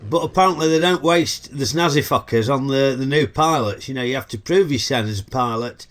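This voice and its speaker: A man's voice: mid-range voice, a little fast, a bit bright. A middle-aged man with a Yorkshire accent, hosting a chatty, cheeky comedic film review full of dialect banter. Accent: Northern English, Yorkshire.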